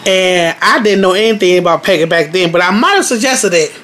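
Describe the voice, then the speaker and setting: A woman's voice: on the low side, brisk, slight background noise. A woman co-hosting a casual chat podcast, telling stories with lots of laughter and acted-out voices. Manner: animated storyteller, acts out voices, laughs often. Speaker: podcast co-host.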